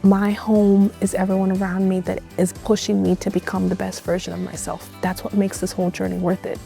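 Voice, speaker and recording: A woman's voice: mid-range voice, completely flat delivery, brisk, creaky, mellow, faint music behind. A young woman in her twenties from Nigeria, speaking earnestly and thoughtfully in an interview. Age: 20s. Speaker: international student. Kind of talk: interview testimony.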